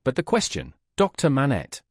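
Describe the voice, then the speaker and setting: A man's voice: mid-range voice, huge pitch swings, normal speed, no echo, studio quality. A man voicing a bustling, emphatic middle-aged woman, a loyal governess, in an audiobook.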